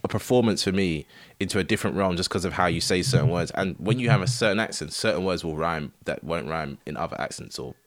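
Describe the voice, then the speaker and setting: A man co-hosting a casual podcast chat, opinionated and animated, often slipping into quick impressions. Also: sits low. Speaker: podcast co-host.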